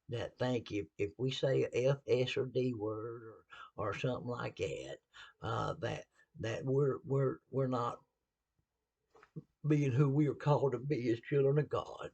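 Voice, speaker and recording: Gravelly Southern man, folksy and blunt. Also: mid-range voice, darkish tone, muffled recording. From American South. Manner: folksy, blunt, laughing asides. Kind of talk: casual sermon-style talk.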